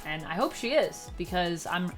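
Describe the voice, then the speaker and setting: A woman giving a casual spoken review of a TV episode, chatty and sarcastic, her voice jumping up and down in pitch and loudness. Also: lively intonation, moderate pace, soft background music. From Canada. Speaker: TV show reviewer.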